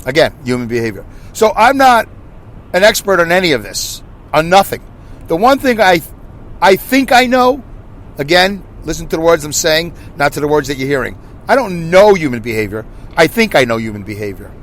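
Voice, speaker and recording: A man in his fifties with a New York accent, hosting a podcast in a loud, rambling, self-deprecating monologue. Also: on the high side, very animated, moderate pace. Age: 50s. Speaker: podcast host. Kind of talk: casual monologue.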